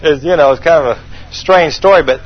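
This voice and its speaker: A man's voice: a little high, normal speed, dull audio. A man preaching a sermon as pastor, emphatic and repeating his key points for the congregation to write down.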